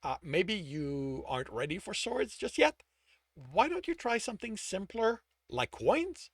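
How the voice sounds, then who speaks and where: A man voicing an eager male helper who speaks in a bright, encouraging way. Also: high voice, very animated, a little slow, slightly rough, no echo, studio quality, pitched above the performer's own voice, heavily acted.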